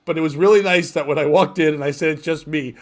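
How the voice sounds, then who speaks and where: A man's voice: on the high side, fast talker. A man hosting a comedy podcast, telling a rambling story in casual chat, laughing often and acting out what people said.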